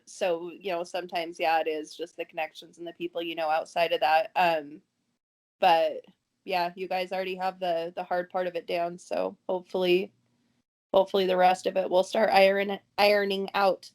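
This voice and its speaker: A woman's voice: lowish voice, little pitch movement, normal speed. A woman in her thirties hosting a casual interview, chatty, laughing often and restarting her sentences. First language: English. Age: 30s.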